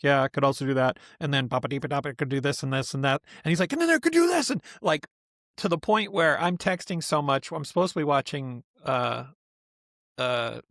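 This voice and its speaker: Male podcast host, lively storyteller who acts out quotes, mid pitch, dry studio. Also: dry recording. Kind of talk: casual chat.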